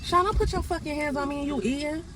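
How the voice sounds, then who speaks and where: A woman's voice: high voice, quick pace. A young woman in casual vlog chat, scolding in an exasperated, blunt way with some swearing, recorded outdoors on a street. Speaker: vlogger. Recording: loud street noise behind the voice.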